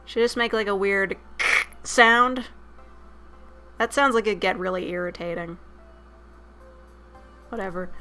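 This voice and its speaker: A young woman streamer reading a dating sim aloud with loud, profane, expressive commentary. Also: mid-range voice, unhurried, pauses often, soft background music.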